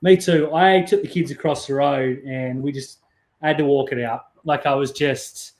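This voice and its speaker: A man's voice: mid-range voice, fairly even intonation, moderate pace, darkish tone, echoey room. A man co-hosting a sports podcast over a remote call, upbeat and joking. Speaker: podcast co-host. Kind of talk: casual sports chat.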